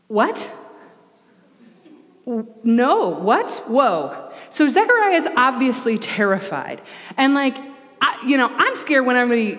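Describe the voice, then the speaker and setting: A young adult woman giving a sermon as a pastor, in a conversational and animated way with playful asides. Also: a little high. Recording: long reverb of a large hall.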